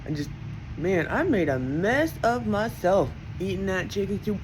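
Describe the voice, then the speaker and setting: Very animated and a little slow, this medium-pitched woman vlogs a casual, cursing, roundabout rant loaded with fillers, her voice rising steeply in moments of indignation. Background noise is present.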